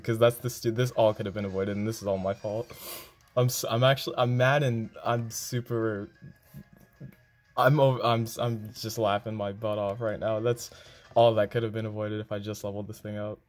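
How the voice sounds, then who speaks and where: A man giving live gameplay commentary, excitable and quick to groan and exclaim. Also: fairly low pitch. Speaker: game video creator.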